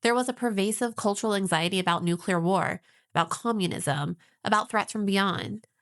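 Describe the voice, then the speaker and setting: A woman co-hosting a podcast, explaining ideas in a measured, informative way with light teasing. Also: medium pitch, fairly bright tone. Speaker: podcast co-host.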